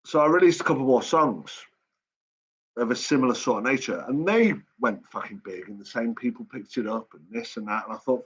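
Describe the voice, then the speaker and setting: A man's voice: mid-range voice, brisk, a bit bright, breathy edge, rough recording. Blunt, foul-mouthed middle-aged man. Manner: swears constantly, rambling and blunt. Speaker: live stream host. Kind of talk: casual late-night live chat storytelling.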